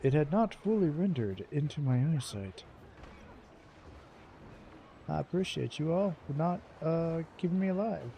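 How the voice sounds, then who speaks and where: Mellow-voiced man chatting through gameplay. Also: fairly high pitch, animated, measured pace, vocal fry, pauses often, slight background noise. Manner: chatty, jokey, laughing often. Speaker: streamer. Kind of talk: casual gameplay commentary.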